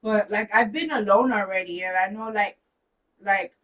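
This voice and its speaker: A young woman talking casually on a home livestream, her voice sitting at an ordinary middle pitch. She swears freely and drops Spanish words into her speech. The mic is a little distant from her, so she sounds slightly removed. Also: moderate pace, fairly bright tone, lo-fi sound. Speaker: livestream host. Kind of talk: casual chat, storytelling. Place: at home, apartment.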